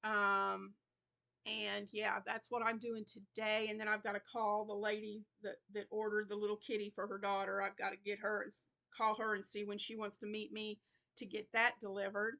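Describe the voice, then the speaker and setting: A woman's voice: medium pitch, level tone, moderate pace, creaky, sharp tone. A middle-aged woman hosting her crochet channel in casual, rambling chat, tired and yawning now and then. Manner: chatty, rambling, yawns and laughs between thoughts.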